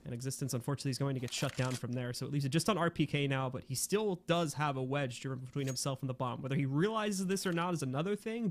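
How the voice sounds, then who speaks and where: A man giving lively play-by-play commentary on an esports match, chatty and quick to laugh. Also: mid-range voice, a little hiss or hum. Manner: laughs easily, upbeat and chatty. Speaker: esports caster.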